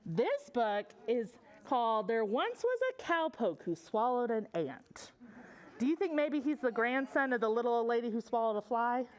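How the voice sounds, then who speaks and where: A high, bouncy female voice with wide swoops in pitch, reading a picture book to preschoolers. She is a children's librarian with a sing-song, animated delivery who keeps pausing to quiz the little ones. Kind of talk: preschool story time read-aloud. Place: public library story room.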